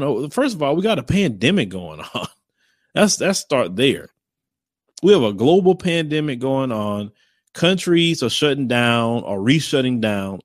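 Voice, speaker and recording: Male host, casual commentary. Mid pitch, blunt and rambling, with repeated phrases. Dry, close sound. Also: no room sound.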